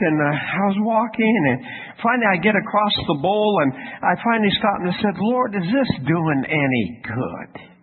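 A man's voice: a little high, slightly rough. A man preaching a sermon in a folksy storytelling manner, asking his listeners questions. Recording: tinny phone-like radio sound with faint noise.

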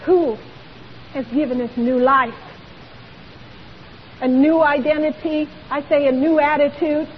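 In a dull lo-fi recording with faint hiss and long hall reverb, a woman delivers a church sermon full of rhetorical questions. Her high voice stays steady and unhurried, emphatic and punctuated by long pauses.

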